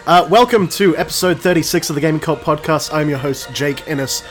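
A man's voice: on the high side, a little fast, soft background music. An Australian man hosting a casual podcast, joking and swearing with friends. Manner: joking, profane, banter. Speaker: podcast host.

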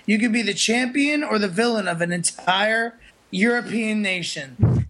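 A man's voice: sits high, moderate pace, a bit bright. A man co-hosting a podcast, tossing in sarcastic quips about a film. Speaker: podcast co-host. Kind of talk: casual chat.

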